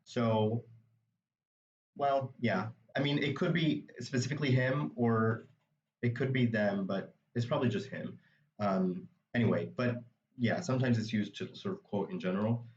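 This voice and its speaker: A man's voice: medium pitch, normal speed, a little mellow, reverberant, slight background noise. Guy teaching a reading, patient step by step, dull muffled sound, sounds a bit distant. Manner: patient, step-by-step explaining with frequent asides. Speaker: Arabic dialect teacher. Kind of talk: explaining a reading passage.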